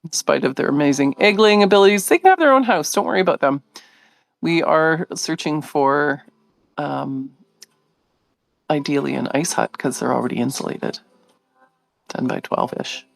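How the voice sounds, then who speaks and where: A middle-aged woman hosting a live video, telling a story in a casual, animated way, laughing often and acting out what others said. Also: sits low, moderate pace, vocal fry, long pauses, dry recording. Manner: animated, laughing, acts out quoted voices.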